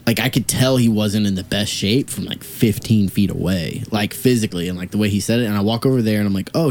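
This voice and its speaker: A man's voice: lowish voice, a little mellow, a little hiss or hum. A young man in casual podcast chat, rambling through a story with lots of fillers and swearing. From Dallas area, USA.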